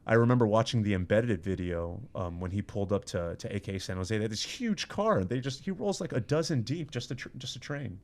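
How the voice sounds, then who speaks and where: A man, a podcast guest, chatting casually in a studio and telling lively stories with frequent laughs and quick restarts. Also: lowish voice. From Iran. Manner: animated storyteller, laughs often, quick restarts. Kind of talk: casual chat.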